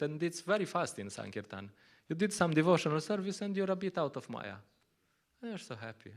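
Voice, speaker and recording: A man's voice: a little high, lively intonation, fairly quick. A man with Slovenian as his first language giving a conversational scripture class in English, often laughing and acting out little quotes. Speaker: lecturer at a temple.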